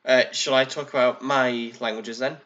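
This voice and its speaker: A man's voice: medium pitch, steady tone, moderate pace, fairly bright tone, dull audio. A man co-hosting a podcast, explaining things in a casual chat, with frequent ums and restarts. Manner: hesitant, many ums and restarts. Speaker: podcast co-host.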